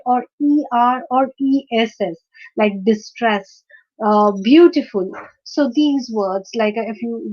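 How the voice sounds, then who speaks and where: Higher-voiced woman teacher, dull recording. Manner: explains step by step with many fillers and checking questions. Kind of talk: online lesson on word stress.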